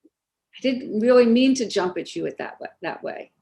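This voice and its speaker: A woman, a therapist guest on a podcast, talking in a lively storytelling way and acting out bits of dialogue. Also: a little high, moderate pace, gravelly. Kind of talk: podcast conversation.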